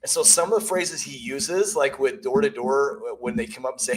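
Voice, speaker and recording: A man's voice: medium pitch, normal speed, crowd noise, poor audio. A man, a realtor and coach, talking bluntly and emphatically in a casual business podcast chat, telling stories.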